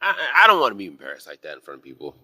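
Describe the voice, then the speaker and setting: A man's voice: lowish voice, huge pitch swings, rapid-fire, sharp tone, no echo, studio quality. A man teaching a casual live class on intuition, telling rambling, profane stories from his bar job in a heated way.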